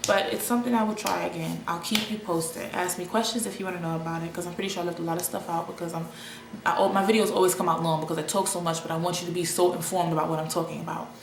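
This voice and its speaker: A woman's voice: on the low side, steady tone, racing, creaky. A young adult woman talking in a casual, rambling vlog monologue, with many restarts. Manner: rambling, chatty, with frequent restarts and laughs. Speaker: vlogger. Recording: echoey room with faint ambient noise.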